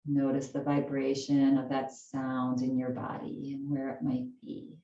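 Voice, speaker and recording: Slow, low-voiced woman guiding yoga. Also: monotone, echoey room, distant mic, dull audio. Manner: soft, slow, soothing cues. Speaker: chair yoga instructor. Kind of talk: guided yoga class.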